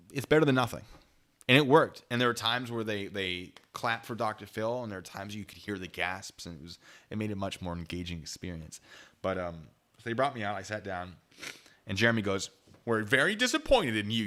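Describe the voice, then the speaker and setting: A man's voice: on the low side, pushed and bright. A man hosting his own channel, telling a story casually to his live chat, rambling with frequent laughs and restarts. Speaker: YouTube channel host.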